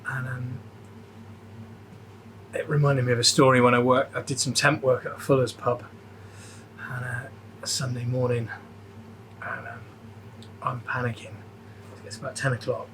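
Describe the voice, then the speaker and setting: A man's voice: medium pitch, little pitch movement, moderate pace, long pauses, a bit bright, slight background noise, rough recording. A man chatting casually as a podcast co-host, telling a rambling story full of swearing and stammered restarts. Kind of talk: casual chat.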